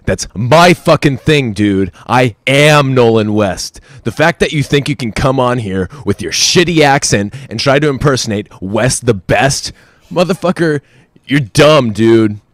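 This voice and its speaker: A man's voice: mid-range voice, lively intonation, a little slow, no echo, natural voice. A man voicing an angry, self-important caller who rants and threatens in a voicemail, with a dry close sound. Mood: furious. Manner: furious, foul-mouthed, threatening. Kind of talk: comedy podcast voicemail bit.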